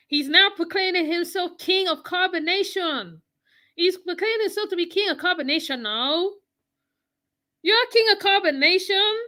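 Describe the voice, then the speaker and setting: A woman's voice: very high voice, moderate pace, bright, forceful tone. A woman with a West Indian accent giving mocking reaction commentary, scolding and repeating her phrases for emphasis. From West Indies. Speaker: channel host.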